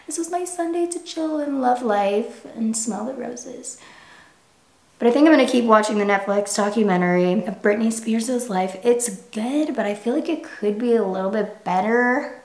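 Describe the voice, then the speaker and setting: Chatty young woman vlogger, gravelly voice. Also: fairly high pitch, normal speed, darkish tone, echoey room. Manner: chatty, frank, says "like" often. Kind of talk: casual chat to camera.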